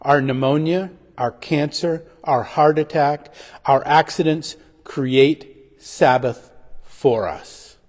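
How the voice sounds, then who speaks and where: A man giving a pastor's sermon reflection, halting and full of restarts and fillers as he talks. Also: on the high side, darkish tone. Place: church. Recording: livestream with long hall reverb.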